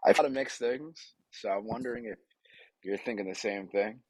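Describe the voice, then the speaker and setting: Deep, husky young man chatting. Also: moderate pace, no echo. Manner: easygoing, laughs often. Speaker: podcast co-host. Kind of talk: casual film review chat.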